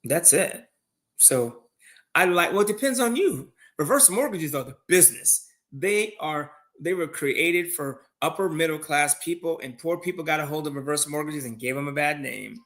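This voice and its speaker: A man's voice: on the high side, normal speed. A man giving casual advice on loans and side businesses in a live conversation, telling stories with many restarts. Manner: animated storytelling, many restarts. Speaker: guest finance speaker.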